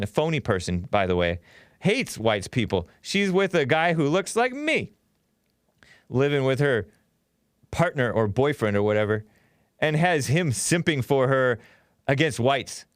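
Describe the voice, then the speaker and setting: A man's voice: mid-range voice, no room sound, studio quality. A man hosting a talk show, giving sarcastic, rambling commentary, laughing often at his own remarks.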